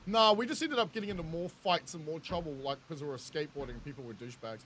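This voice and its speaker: A game streamer in his thirties with a New Zealand accent chats with viewers in casual, jokey gameplay commentary, laughing often and swearing freely. His voice sits a little high and a bit bright, moving at normal speed with long pauses. Slight background noise can be heard.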